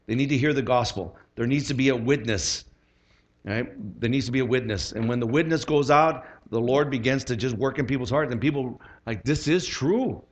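A man's voice: mid-range voice, a little fast. Earnest middle-aged preacher man. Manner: conversational and earnest, with many fillers. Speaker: pastor. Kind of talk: sermon.

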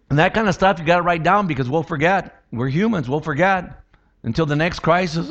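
A man's voice: fairly high pitch, expressive, brisk, a bit bright, dull audio. A pastor giving a sermon in a conversational way, joking and often asking his listeners "right?". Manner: conversational preaching with jokes and repeated questions. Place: church.

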